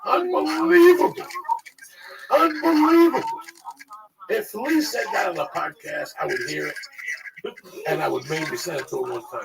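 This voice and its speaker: Loud swearing man, gravelly and far off. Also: high-pitched, normal speed, pauses often. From New Jersey / New York area. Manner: loud, swearing, combative, animated. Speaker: podcast host. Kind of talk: profane ranting podcast chat. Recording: far from mic, loud background noise.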